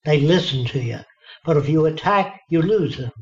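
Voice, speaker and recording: A man's voice: on the high side, animated, normal speed. A man being interviewed, telling stories in a blunt, folksy way and acting out what people said to him. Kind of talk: storytelling in conversation. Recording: dull lo-fi recording.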